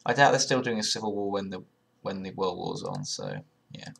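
A man's voice: deep voice, wildly swooping pitch, fairly quick, creaky, husky. A young man casually commenting while taking an online quiz, thinking aloud and swearing sarcastically. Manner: sarcastic, swears often, sudden loud outbursts; thinks aloud, muttering guesses. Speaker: video creator.

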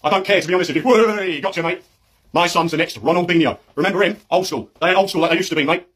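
A man doing a loud British football dad. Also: sits high, fast talker, a little hiss or hum. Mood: shouting. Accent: British English. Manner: shouty, blustering, laddish. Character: loud pushy male football dad on the touchline. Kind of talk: comedy sketch character.

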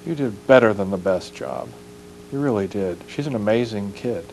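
A man's voice: lowish voice, expressive, normal speed, a little mellow, slight background noise, low-quality recording. A man interviewing a guest, asking probing questions and reacting with sympathy. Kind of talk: casual interview chat.

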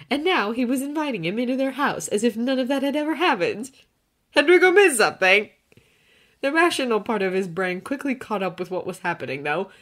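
A woman reading a fanfiction audiobook, narrating in a steady, even storytelling manner. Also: mid-range voice. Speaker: reader.

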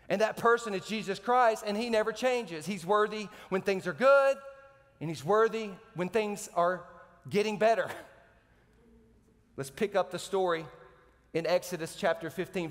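Man, pastor, sermon, high voice, lively with joking asides, reverberant church hall. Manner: animated, joking asides between slow scripture readings. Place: church sanctuary.

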